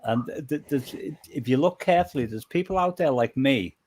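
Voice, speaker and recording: A man's voice: medium pitch, lively intonation, fairly quick, darkish tone. A man and musician chatting casually, repeating words and stumbling, with the hiccups. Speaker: guest musician. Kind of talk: casual chat.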